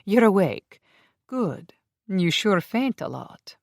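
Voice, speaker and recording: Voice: mid-range voice, big pitch swings, takes it slowly, vocal fry, no echo, studio quality, pitched above the performer's own voice, full character voice. A narrator purring as a sly shapeshifter woman. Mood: teasing. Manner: purring, drawling. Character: sly catlike female shapeshifter, teasing.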